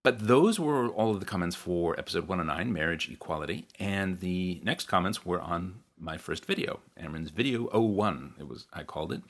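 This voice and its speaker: A man's voice: sits low, animated, moderate pace, hardly any pauses. A man hosting his own podcast, chatting casually and reading listener comments, digressive and self-deprecating with frequent ums. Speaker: podcast host.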